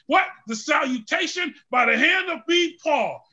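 A man preaching a sermon in call-and-response style, with the congregation answering, building from speaking to shouted, fervent preaching. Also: very high-pitched, expressive, a little slow, hardly any pauses, muffled recording.

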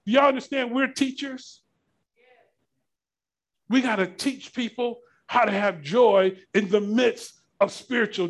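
A man preaching a sermon, climbing into shouts and asking the congregation to finish the verses. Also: high voice. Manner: preaching with rising shouts and call-and-response questions. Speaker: pastor.

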